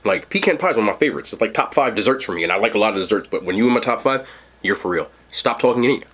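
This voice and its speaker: A man's voice: lowish voice, expressive, rapid-fire, fairly bright tone. A man hosting a casual mukbang food review, chatting to viewers while he eats. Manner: chatty, talks while eating. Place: seated indoors at home.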